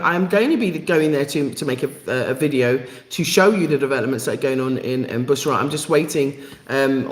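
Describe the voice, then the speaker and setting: A British woman with a Jamaican-tinged accent, chatting casually and bluntly on a live vlog, full of fillers and plain talk. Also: very deep voice. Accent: Jamaican-inflected British. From England. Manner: chatty, blunt and playfully outspoken, with many fillers. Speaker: vlogger and repatriation helper. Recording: echoey room with long reverb.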